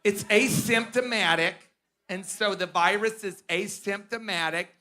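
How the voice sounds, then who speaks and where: A man's voice: high-pitched, a little slow, pushed and bright. A man mimicking an earnest female health official who explains things in a droning, repetitive way.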